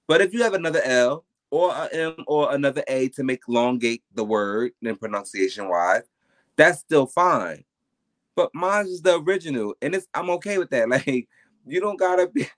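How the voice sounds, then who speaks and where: A man's voice: medium pitch, a bit bright. A man, a podcast guest, telling stories in casual interview chat with a blunt, emphatic and profane manner.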